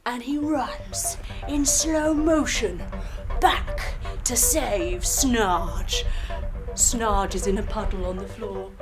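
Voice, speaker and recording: A woman teacher telling a children's story while leading a yoga lesson, animated and using sound effects. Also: fairly high pitch, takes it slowly, over music.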